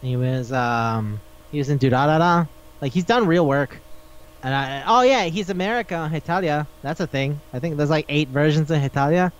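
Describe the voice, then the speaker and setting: A young man co-hosting a casual podcast, swearing a lot and acting out characters in animated voices. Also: on the high side, normal speed, clear, resonant tone. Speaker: podcast co-host. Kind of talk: casual chat about anime. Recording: dull lo-fi podcast recording.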